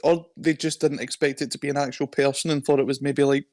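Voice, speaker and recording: A man's voice: medium pitch, flat delivery, fast talker, a little mellow, no room sound. A man co-hosting a casual podcast, easygoing, cracking dry jokes and giving lots of listening noises. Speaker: podcast co-host. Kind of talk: casual chat.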